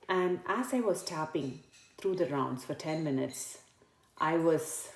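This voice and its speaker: Woman practitioner with a low voice leading a tapping exercise in an echoey room. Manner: soft, slow and repetitive in the tapping script. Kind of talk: guided tapping demonstration.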